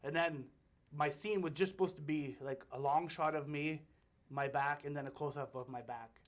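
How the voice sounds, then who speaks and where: A man's voice: on the high side, steady tone, moderate pace. A man telling a story as a guest in a casual interview, chatty and full of fillers. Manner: chatty storyteller, acts out quoted voices, many fillers. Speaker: actor guest.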